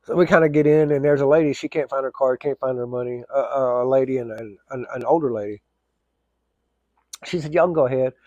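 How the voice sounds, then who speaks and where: A man's voice: mid-range voice, brisk, darkish tone, no room sound, dull audio. A man telling a casual, rambling story, full of fillers and restarts.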